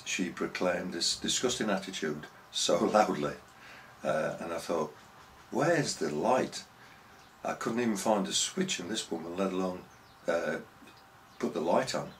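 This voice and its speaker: Deep-voiced preacher. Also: male voice, a little hiss or hum, rough recording. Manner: earnest storytelling with rhetorical questions. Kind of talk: sermon.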